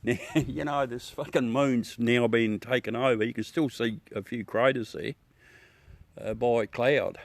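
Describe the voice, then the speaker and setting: A man's voice: medium pitch, steady tone, a little slow, vocal fry, no room sound. Laid-back Australian man chatting outdoors. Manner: laid-back, swears freely, laughs often. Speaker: livestream host. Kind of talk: casual chat with live viewers. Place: outdoors in his backyard at night.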